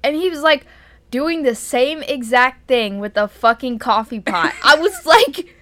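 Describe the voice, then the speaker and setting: Podcast co-host, young woman, bright and dry-sounding voice, casual profane storyteller. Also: sits high, a little slow, dry recording. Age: young adult. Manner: profane, exasperated storytelling with frequent laughs.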